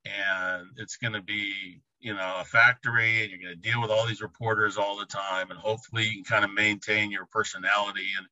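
A man giving a reflective interview answer, often pausing to search for words. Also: lowish voice, level tone, pushed and bright, no echo, dull audio. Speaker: interviewee recalling an athlete.

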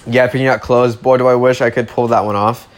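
Man, smooth voice, mid pitch, comedic script reading, fast. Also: flat delivery.

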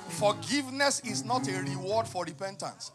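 High-voiced passionate male preacher. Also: expressive, normal speed, over loud music. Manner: swings from quiet teaching to loud shouted emphasis. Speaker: pastor. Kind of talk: sermon.

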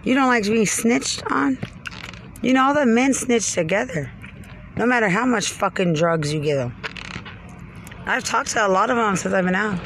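A woman's voice: mid-range voice, animated, normal speed, long pauses, a bit bright, slight background noise. A woman from Texas, ranting from inside her car in an agitated, profane, rambling way. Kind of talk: angry rambling rant.

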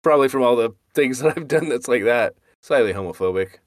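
A man's voice: mid-range voice, fairly quick, dry recording, clean studio sound. A young man co-hosting a casual podcast, telling rowdy stories with lots of laughing. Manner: laughing, animated storyteller. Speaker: podcast co-host. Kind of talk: casual chat, storytelling.

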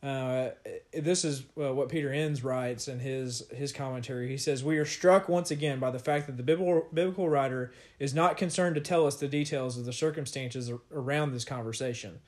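A man's voice: mid-range voice, a little fast, few pauses, darkish tone. A man casually discussing and reading scripture with a co-host, talking loosely with fillers and light laughs. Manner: conversational, with fillers and laughter, reads scripture aloud. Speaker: podcast co-host teaching scripture. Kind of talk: casual Bible study discussion.

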